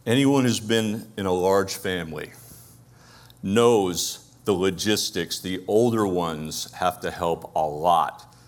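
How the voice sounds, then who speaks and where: A man's voice: deep voice, slow. A man with a Brooklyn accent preaching a conversational sermon, asking his listeners rhetorical questions. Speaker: pastor.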